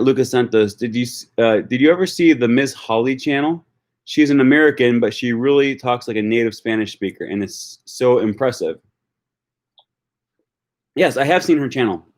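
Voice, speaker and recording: A man hosting a casual livestream about language learning, thinking aloud with many ums and answering viewer comments. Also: mid-range voice. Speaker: language-learning YouTuber hosting a live discussion.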